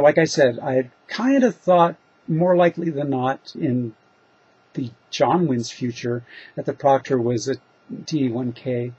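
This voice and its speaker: This man, a fiction writer, takes reader questions in a loose, wandering monologue, filling gaps with ums and poking fun at himself as he thinks aloud. His mid-range voice is a little mellow and slightly rough, heard through a dull lo-fi recording.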